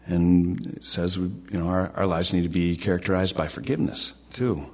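Brief: deep-voiced man preaching in a conversational, halting way. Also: little pitch movement, a little mellow. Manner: halting, repeats and restarts phrases. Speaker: pastor. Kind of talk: casual sermon.

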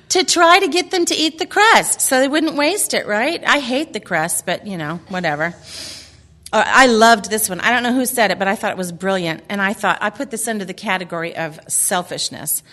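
A middle-aged woman speaks in a bright, slightly high voice, chatting casually to a group at a faith gathering. She laughs often and reads quotes aloud in a warm, talky way. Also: sing-song, normal speed. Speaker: women's ministry speaker.

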